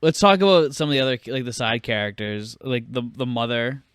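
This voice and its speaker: Young male podcast co-host, smooth clear voice, dry close sound, animated and quick to act out scenes. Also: medium pitch, no echo. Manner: animated, acts out movie lines in put-on voices, swears freely. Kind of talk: casual film chat.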